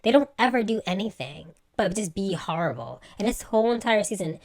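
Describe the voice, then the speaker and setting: A woman's voice: mid-range voice, animated, a little fast. A woman giving a casual, exasperated recap rant about a reality show, acting out the people she quotes in mock voices. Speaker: reality TV commentator.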